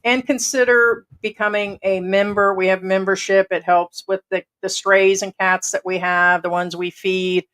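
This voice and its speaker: A woman's voice: mid-range voice, flat delivery, normal speed, hardly any pauses, a bit bright, smooth. A middle-aged American woman hosting a casual livestream from home, rambling and blunt with casual swearing. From United States. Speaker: livestream host.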